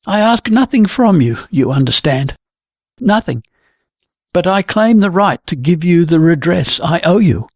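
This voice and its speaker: A man's voice: sits high, animated, unhurried, a little mellow, dry recording, studio quality, exaggerated voice. A reader voicing an older man who pleads earnestly and insistently. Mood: pleading. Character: aging man, pleading and protective.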